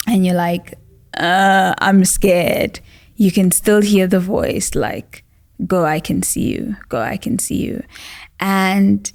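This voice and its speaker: A woman hosts a podcast and shares a reflective faith story in an unhurried, level voice. Her pitch stays flat and even, and she fills her pauses with soft "um"s and "like"s as she thinks aloud. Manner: thoughtful, unhurried, lots of "um" and "like". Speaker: podcast host.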